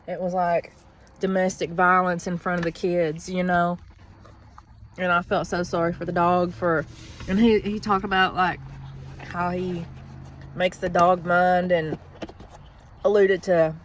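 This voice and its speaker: A woman's voice: on the low side, a little hiss or hum. A woman talks in a blunt, profane, rambling way in a casual vlog, venting from inside a vehicle in a parking lot. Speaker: vlogger.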